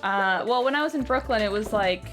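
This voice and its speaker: A woman from New York chatting through a game stream at a middle pitch. She talks in a chatty, blunt way, dropping the odd swear word. Game music plays clearly behind her. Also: lively intonation, a little fast. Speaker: streamer playing a farming game. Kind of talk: casual chat while gaming.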